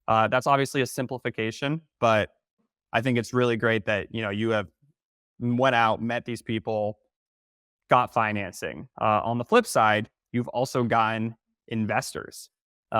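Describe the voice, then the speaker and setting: A man from North Carolina with a Southern accent, hosting a podcast in casual interview chat and telling stories with lively asides. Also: lowish voice, clean tone, dry recording, clean studio sound. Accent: Southern American. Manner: animated storyteller who acts out quoted voices; restarts and fillers, conversational. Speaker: podcast host.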